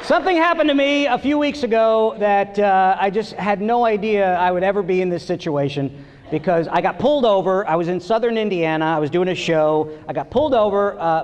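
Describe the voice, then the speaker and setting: A middle-aged man performing a stand-up comedy set on stage, telling stories and acting out voices with big jumps in pitch. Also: moderate pace, dull audio, a faint crowd. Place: theater stage before a live audience. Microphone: stage microphone. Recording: live theater recording with long reverb.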